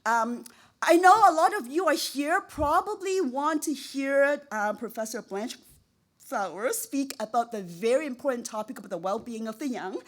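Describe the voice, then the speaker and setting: Effusive woman giving a higher-pitched thank-you speech. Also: expressive, normal speed. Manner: effusive, repeats words for emphasis; laughs at herself, emotional. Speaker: award recipient, professor. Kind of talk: acceptance speech.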